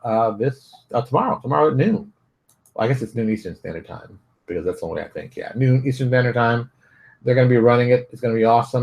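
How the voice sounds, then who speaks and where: A man hosting his own daily show, talking casually from his home office in a blunt, animated, ranting way. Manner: blunt, animated ranting with big pitch jumps. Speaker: host. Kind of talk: casual solo vlog commentary.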